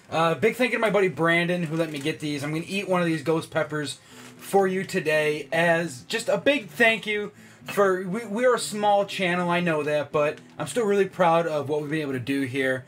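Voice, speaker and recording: A man's voice: a little high, fairly bright tone. A man talking casually to his camera as a vlogger, loose and profane, poking fun at himself. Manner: casual, profane, self-mocking. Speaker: YouTuber.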